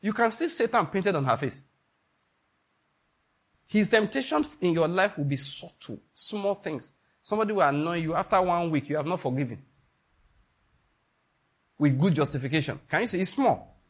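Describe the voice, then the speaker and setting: A man's voice: high voice, expressive, moderate pace, long pauses, slightly rough. A middle-aged Nigerian man preaching a sermon, emphatic, asking the listeners questions and acting out little scenes.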